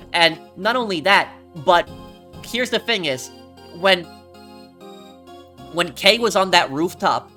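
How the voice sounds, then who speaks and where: A man gives excited let's play commentary over game music. He stumbles and repeats words as his thoughts race. The tone is casual and reactive. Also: sits high. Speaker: gaming YouTuber.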